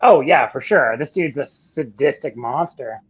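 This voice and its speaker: A man joining a live review panel as a guest, chiming in casually and agreeing quickly. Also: medium pitch, expressive, breathy edge, lo-fi sound. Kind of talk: casual chat.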